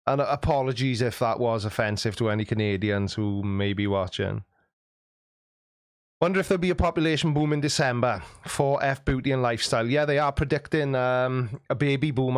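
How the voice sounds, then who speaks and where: Hosting a live stream, a man reads viewer comments aloud in a casual way, cracking cheeky jokes and laughing often. His medium-pitched voice is smooth, and the studio-quality audio has no room sound.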